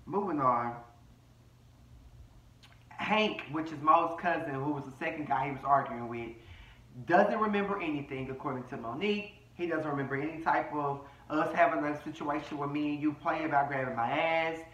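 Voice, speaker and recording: A man's voice: fairly high pitch, moderate pace, fairly bright tone, roomy sound, distant mic, muffled recording. A man hosting a casual reality-TV recap, brash, profane and sassy as he reads the cast. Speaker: commentary host.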